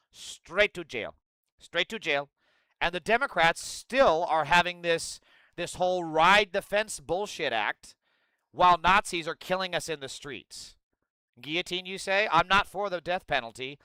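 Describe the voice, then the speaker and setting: A man's voice: a little high, sharp tone, clean tone, dry recording. A man giving angry, profane, sarcastic live political commentary and answering his chat. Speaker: streamer host.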